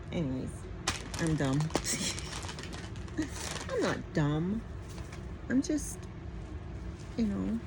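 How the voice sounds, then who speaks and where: A woman's voice: medium pitch, background noise. A middle-aged woman chatting casually at home in a morning vlog, rambling and laughing often. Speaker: vlogger.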